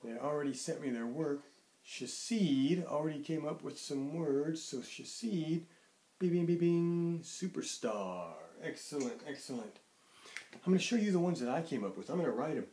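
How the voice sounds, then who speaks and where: A man's voice: on the high side, expressive, moderate pace, mellow. A male teacher giving a playful, encouraging phonics lesson to young children. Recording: echoey room.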